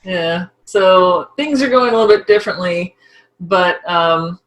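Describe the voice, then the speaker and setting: A middle-aged woman co-hosting a podcast, talking through a TV episode in a chatty, rambling way with quick asides. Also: fairly low pitch, poor audio. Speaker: podcast co-host. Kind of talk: casual discussion of a TV episode.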